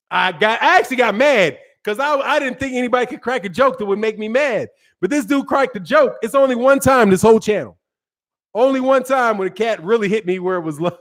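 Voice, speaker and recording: A man's voice: sits high, fairly bright tone. A man hosting a boxing channel, giving casual live-stream commentary in slangy, profane talk, laughing often and answering chat comments.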